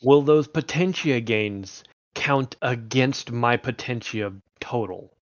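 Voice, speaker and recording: A man's voice: medium pitch, slow pace, no room sound. Player, man, mid voice, hesitant, dull dry lo-fi audio. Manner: hesitant, debating aloud with fillers. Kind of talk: casual tabletop game chat.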